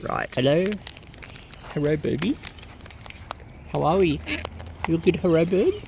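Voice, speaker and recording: Woman, low gravelly voice, slow playful bird-talk, noisy outdoor recording. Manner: coos and baby-talks to birds, playful. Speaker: bird feeder vlogger. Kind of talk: casual chat with wild birds. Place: outdoors among wild birds.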